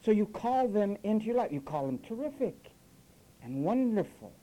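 Very animated at a moderate pace, this preacher's mid-range voice has a dark tone, and the recording is rough. In his sermon he mocks phrases he disapproves of, sarcastically imitating them with put-on voices.

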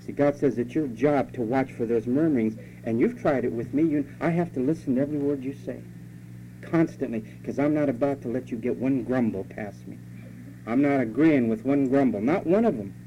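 A man's voice: medium pitch, a little fast. A pastor preaching a sermon, scolding his congregation in a conversational way and mimicking their complaints. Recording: dull lo-fi recording with faint hum.

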